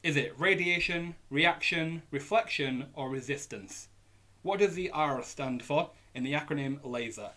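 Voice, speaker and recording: A man's voice: a little high, a little slow, pushed and bright. A young man with a Yorkshire accent hosting a live online pub quiz, reading out questions and options and chatting in a jokey, easygoing way. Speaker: quiz host. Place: indoors at home on a hot day.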